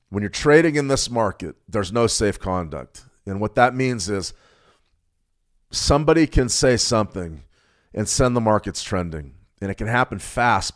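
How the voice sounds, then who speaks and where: A man hosting a live market update, talking through charts in a rambling way with frequent stutters and restarts. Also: fairly low pitch. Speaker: market analyst host.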